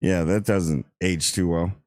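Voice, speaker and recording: Young male host, low-pitched, dry mic, laid-back slangy recap with jokey asides. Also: measured pace, no room sound. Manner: animated, slangy, jokey storytelling with voiced asides. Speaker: show host reviewing a TV episode. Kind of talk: casual spoken review.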